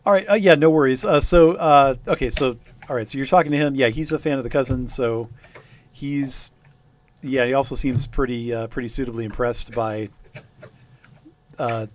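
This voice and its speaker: A man's voice: mid-range voice, normal speed. A man running a tabletop game, talking casually with lots of hesitations and laughs. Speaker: game master.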